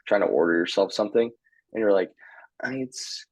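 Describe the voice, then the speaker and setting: Young man, guest, deep voice, husky, easygoing, dry close mic. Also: brisk, dry recording, rough recording. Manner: relaxed, hesitant with fillers, chuckling. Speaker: guest, hockey player. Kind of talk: casual interview chat.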